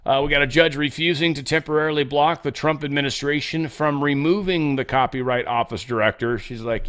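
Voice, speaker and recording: A man's voice: medium pitch, brisk, hardly any pauses, a bit bright. A man hosting a show, reading news headlines and adding sarcastic, mocking commentary in a loose, casual way. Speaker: show host.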